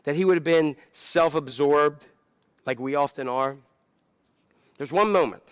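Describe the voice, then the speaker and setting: A male pastor delivering a sermon with a smooth, resonant voice pitched a little high for a man. He talks conversationally and pokes fun at himself, then presses hard on key points. The sound is close and dry. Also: no echo. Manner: conversational, self-deprecating, building to impassioned.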